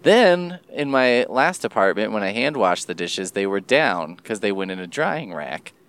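Animated swearing man, lively pitch. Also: unhurried, clean tone. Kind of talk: casual rambling monologue.

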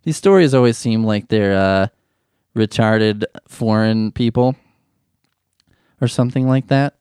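A man reading a sentimental story aloud and mocking it with sarcastic, deadpan asides. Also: medium pitch, a little slow, clear, resonant tone, no room sound, clean studio sound. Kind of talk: mocking commentary over a read-aloud story.

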